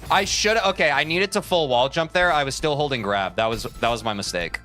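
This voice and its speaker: A man's voice: medium pitch, expressive, brisk, pushed and bright, soft background music. A man streaming a platform game, joking and rambling at his chat and mocking himself. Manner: jokey, rambling, self-mocking, talks to chat. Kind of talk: casual live-stream commentary while playing.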